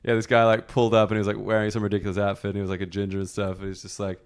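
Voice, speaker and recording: A man's voice: lowish voice, completely flat delivery, very fast, clear, resonant tone. A young Australian man hosting a podcast, chatting casually, swearing freely and laughing through loose anecdotes. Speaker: podcast host.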